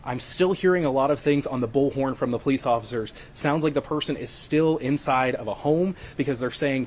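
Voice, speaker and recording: Here a man works as a television news correspondent, delivering a crisp, steady live report from outdoors. His voice is medium-pitched and fairly quick with few pauses, and there's slight background noise.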